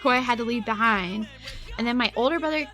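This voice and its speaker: A woman's voice: on the high side, fast, pushed and bright, soft background music. A young woman streaming, telling a long family story in a rambling, giggly way, peppering every phrase with "like". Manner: rambling, giggly, heavy use of "like". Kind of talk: casual storytelling to a live chat.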